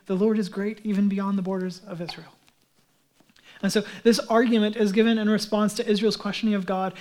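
High-voiced man preaching conversationally. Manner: conversational, animated preaching with frequent "like" asides. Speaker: pastor. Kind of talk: sermon.

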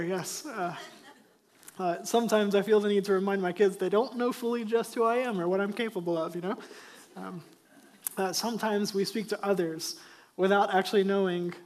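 A middle-aged pastor preaches a sermon in a voice that sits high, keeping it conversational while building emphasis on key points.

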